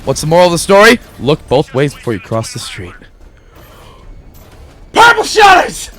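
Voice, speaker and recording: A young man hosting a let's play, telling a rambling, giggly story in a playful, animated way. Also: fairly high pitch, quick pace.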